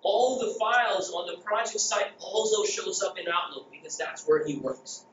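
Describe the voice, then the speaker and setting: A middle-aged man from the Philippines giving a jokey, energetic conference talk and asking the crowd questions. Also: high-pitched, normal speed, a little hiss or hum. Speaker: conference speaker. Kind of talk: keynote presentation. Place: conference hall. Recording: echoey dull hall recording.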